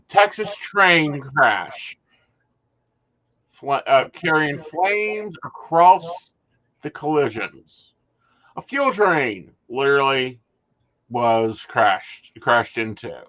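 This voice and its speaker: A man with a bright, forward tone co-hosts a casual talk show. He relays news items with dry humor. The recording sounds a little dull and lo-fi. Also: a little high. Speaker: podcast co-host. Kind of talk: casual chat and reading news.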